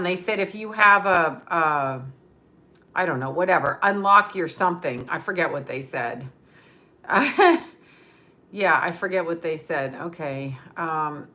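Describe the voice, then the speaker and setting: Her voice sits fairly low but sounds bright and forceful. She's a livestream host talking casually, swearing freely, laughing frequently, and reading viewer comments as she thanks people by name.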